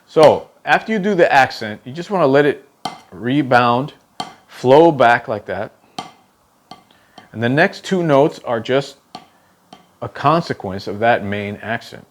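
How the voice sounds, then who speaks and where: A man's voice: medium pitch, expressive, a little slow, pauses often, slight background noise. Male drum instructor with a mid-range voice. Patient, talks through each step, counts beats aloud and checks in with "okay?". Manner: explains step by step, ends phrases with "okay?"; counts aloud while demonstrating strokes. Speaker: drum teacher. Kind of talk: instructional demonstration.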